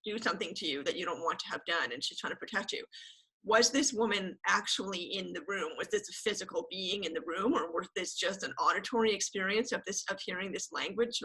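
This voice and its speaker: A woman interviewer with a husky yet forceful, bright voice. She asks her question eagerly and gropes for words along the way, circling back before getting to the point. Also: mid-range voice, rough recording. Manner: enthusiastic, searching for words while asking.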